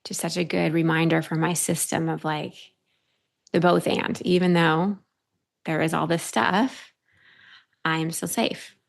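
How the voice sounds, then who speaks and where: Gravelly-voiced woman host. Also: low-pitched, fairly even intonation, a little slow, long pauses. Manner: warm and affirming, with frequent murmured agreement. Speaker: podcast host. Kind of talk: casual interview chat. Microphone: remote call.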